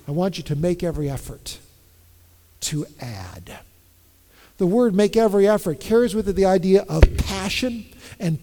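A man with a notably high voice preaches with insistent emphasis, hammering home repeated phrases and slipping into dry humor when he tells a story. His voice rings out with a long reverb, as if filling a large hall. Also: warm tone. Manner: wry humor in personal stories. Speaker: pastor. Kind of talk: sermon.

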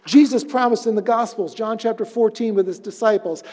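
A man preaching a sermon as pastor, moving from loud emphatic phrases down to hushed, almost whispered words. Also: sits high, normal speed, long reverb tail. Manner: swings between loud emphatic lines and hushed near-whispers.

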